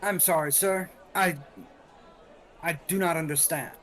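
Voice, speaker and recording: A man's voice: a little high, steady tone, measured pace, a bit bright, a faint crowd. A man playing a courteous demon-looking hero. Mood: polite. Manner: formal, courteous. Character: polite male demon-looking adventurer.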